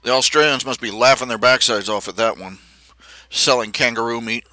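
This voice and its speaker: Bright-voiced rambling male streamer. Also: mid-range voice, brisk, no room sound. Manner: chatty, self-interrupting, animated anecdotes with restarts. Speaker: livestream host. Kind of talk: rambling casual storytelling.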